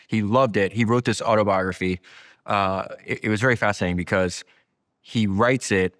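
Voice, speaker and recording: Guy hosting an interview podcast, kinda low voice, animated storyteller, lots of likes and you knows. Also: moderate pace. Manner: storytelling, emphatic, lots of fillers. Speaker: podcast host. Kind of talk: casual conversation.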